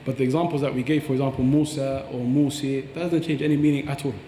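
A man's voice: medium pitch, fairly even intonation, quick pace, warm tone, roomy sound, long reverb tail, slight background noise. A man teaching about Quran recitation on a podcast, earnest and explanatory, demonstrating pronunciations aloud.

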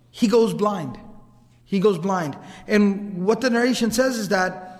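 A man telling a seerah story as a sermon, animated and acting out the voices of the people he describes. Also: high-pitched, in a large hall. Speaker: preacher narrating seerah.

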